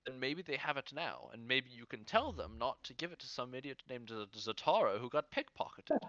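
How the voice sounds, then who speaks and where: Lively, bright-voiced joking man. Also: mid-range voice, dry recording, lo-fi sound. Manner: animated, joking, quick to interrupt. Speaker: tabletop game player. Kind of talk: casual in-character chat.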